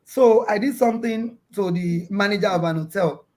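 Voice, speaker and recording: Woman guest on a remote call, animated storyteller, stumbles and repeats words, plays her children's lines. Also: mid-range voice, moderate pace. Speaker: guest parent. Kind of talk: casual storytelling interview. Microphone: video call.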